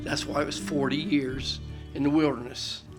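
A man preaching a sermon as pastor, reading scripture aloud loudly and dropping to quiet, folksy asides. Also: mid-range voice, level tone, normal speed, over loud music.

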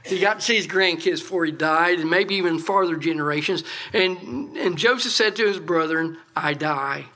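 A man's voice: sits high, normal speed, hardly any pauses, sharp tone. A man preaching a sermon in a folksy, emphatic way, full of rhetorical questions and asides.

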